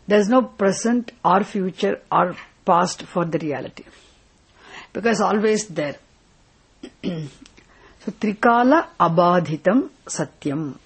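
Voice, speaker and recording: A woman's voice: on the low side, lively intonation, slow pace, pauses often, husky, poor audio. A woman teaching a scripture class, asking questions, repeating her points and checking with "isn't it?". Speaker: spiritual teacher.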